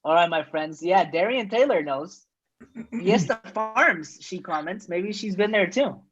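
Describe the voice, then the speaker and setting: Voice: medium pitch, animated, unhurried, breathy edge, soft background music. A host running an online comedy show over a video call, chatty and teasing. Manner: chatty, teasing, laughs easily. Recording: muffled video call audio.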